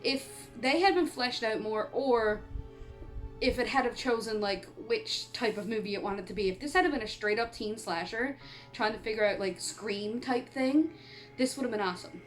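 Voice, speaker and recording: A chatty woman from Canada rambles through a casual horror film review, laughing often and talking with the hiccups. Her voice sits a bit high, and soft music plays behind her. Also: moderate pace. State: has the hiccups. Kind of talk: casual movie review vlog. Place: home on an island in eastern Canada.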